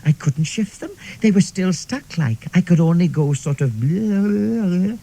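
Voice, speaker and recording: For a radio comedy monologue, a man takes on the role of a chatty Welsh woman in middle age who rambles confidingly, sprinkling in "like" and "see". His voice is a little high with lively intonation at normal speed, dark in tone with a breathy edge, and the recording is low quality.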